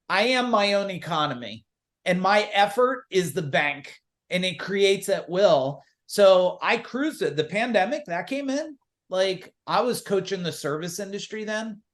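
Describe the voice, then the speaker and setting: A man speaking as a business coach and guest in a casual podcast interview, telling lively stories and acting out the dialogue in them. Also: high-pitched. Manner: animated storyteller who acts out quoted dialogue.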